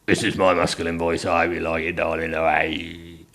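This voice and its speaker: A deep, slow, deliberately gruff voice of a man forcing his masculinity in a comic book reading, as a man puts him on. He drags his words out low and heavy. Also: monotone, fairly bright tone, heavily acted. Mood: mock-macho.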